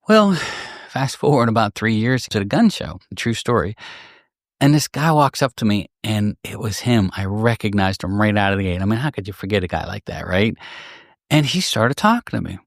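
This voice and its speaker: A man's voice: on the low side, big pitch swings, normal speed, no echo, clean studio sound. A middle-aged man, a gunsmith hosting a podcast, telling stories in a candid, rambling way with restarts. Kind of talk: casual storytelling podcast.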